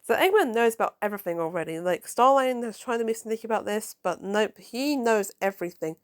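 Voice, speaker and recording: A woman casually reviewing a comic book, excitable and prone to swearing, who stumbles and corrects herself while reading lines aloud. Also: mid-range voice, brisk, few pauses.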